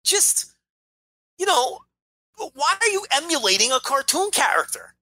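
A man co-hosts a podcast in a heated, profane rant. His voice swings widely up and down, and it sounds bright and sharp. The sound is close and dry. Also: very high voice, big pitch swings, a little slow, dry recording. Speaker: podcast co-host. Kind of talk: casual podcast chat.

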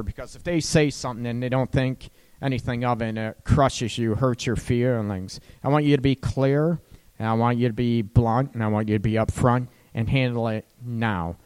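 A man's voice: medium pitch, clear, resonant tone, in a large hall. A man hosting a relationship radio talk show as a counselor, chatting casually and breaking into laughs mid-sentence.

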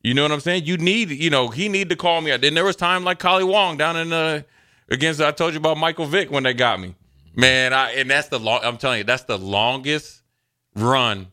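A man co-hosting a sports talk show, telling stories from his playing days in a loose, animated way and acting out what others said. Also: on the high side, brisk. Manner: animated storyteller, acts out quotes, loose and chatty. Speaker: sports radio co-host, former NFL player. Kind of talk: casual sports talk storytelling.

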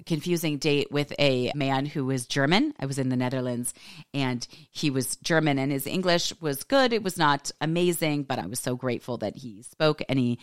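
A low-pitched woman in her forties talks through a personal story in a relaxed, lively monologue. She laughs often and says every line to a close mic in a dry room with no echo. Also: normal speed. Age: 40s. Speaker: podcast host.

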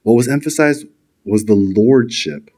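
A man preaching a sermon as pastor, earnest and emphatic, speeding up and then slowing to stress key words. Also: mid-range voice, mellow. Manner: earnest, emphatic, shifts between fast and slow deliberate delivery.

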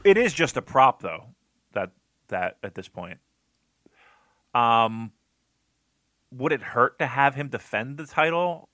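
A man co-hosting a podcast, giving animated, opinionated takes full of repeated starts and fillers. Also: medium pitch, slow, long pauses, no room sound, clean studio sound. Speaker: podcast co-host. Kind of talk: casual opinionated discussion.

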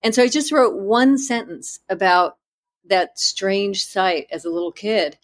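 A woman author in an interview, telling her story in a candid, self-deprecating way with halting restarts. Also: mid-range voice.

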